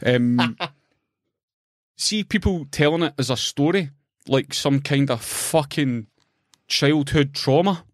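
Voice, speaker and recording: A man's voice: on the high side, slow pace, long pauses, no echo, clean studio sound. A man with a Scottish accent co-hosting a podcast, ranting and swearing as he tells a story in casual chat. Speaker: podcast co-host.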